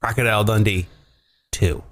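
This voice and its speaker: A man's voice: steady tone, normal speed, a bit bright. A man hosting a podcast, rambling and swearing in casual, joking banter. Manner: profane, rambling, jokey, big pitch jumps. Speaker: podcast host.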